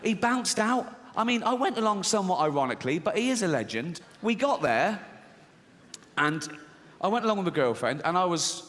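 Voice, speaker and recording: A man's voice: sits high, big pitch swings, normal speed, a bit bright. A middle-aged Englishman doing stand-up comedy, brash and swearing, acting out little exchanges on stage. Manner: brash, swearing, acts out voices. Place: large theatre stage before an audience. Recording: live theatre with long reverb, faint crowd.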